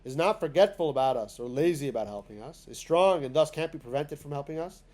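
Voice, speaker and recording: A man's voice: on the high side, expressive, fast, darkish tone. A man teaching a spoken lesson in a synagogue class, talking in a conversational way full of fillers and restarts.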